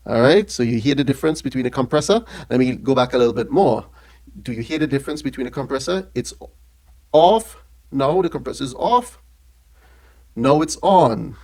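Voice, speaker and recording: A man with a mid-range, darkish voice reviews an audio mixer in a casual, hands-on demo. He speaks into a studio mic routed through the mixer he's testing and checks in with the viewer after almost every phrase.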